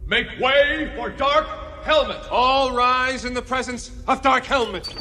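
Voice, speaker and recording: An actor playing a stiff male officer who makes a slow, ceremonial announcement in a film clip. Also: very high-pitched, sharp tone, heavily acted. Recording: film clip with long reverb and faint noise.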